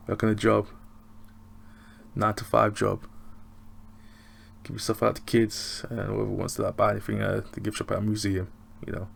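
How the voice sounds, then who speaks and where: A man's voice: lowish voice, monotone, moderate pace, gravelly, pauses often, a little hiss or hum. An English man reviewing a show in a loose, rambling, chatty way. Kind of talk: casual review chat.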